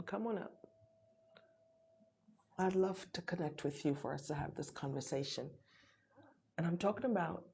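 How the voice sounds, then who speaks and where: A woman hosting a live stream, giving an encouraging motivational talk and inviting viewers to join her, with drawn-out emphatic phrases. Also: sits low, creaky, warm tone, a little hiss or hum.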